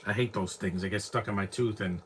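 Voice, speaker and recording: A man's voice: on the low side, steady tone, fairly quick, slight background noise. A man giving casual live movie commentary at home, rambling with frequent restarts and self-corrections. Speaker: film commentator.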